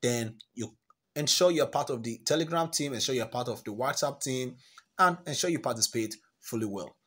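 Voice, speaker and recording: A man's voice: medium pitch, a little fast, a bit bright, breathy edge. Chatty man walking through an app tutorial. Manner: chatty, repeats words, walks through steps; encouraging, gives life advice. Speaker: tutorial host. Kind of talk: app screen-recording tutorial.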